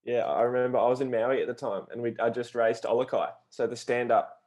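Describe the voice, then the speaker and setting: A man's voice: medium pitch, steady tone, brisk, a little mellow. A man hosting a podcast, chatting casually and recalling his own memories. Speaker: podcast host. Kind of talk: casual chat.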